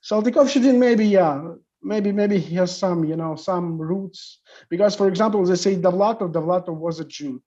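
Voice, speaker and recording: A man speaking as a guest in a panel discussion, talking in halting non-native English with many fillers. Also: sits high, dark tone. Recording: muffled lo-fi audio.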